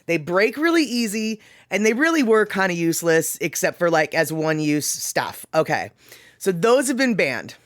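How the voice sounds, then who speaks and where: A woman's voice: on the low side, big pitch swings, normal speed, no echo, studio quality. A woman hosting a casual livestream, reading viewer comments aloud and chatting with frequent laughs and rambling asides. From Pacific Northwest, US. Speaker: livestream host.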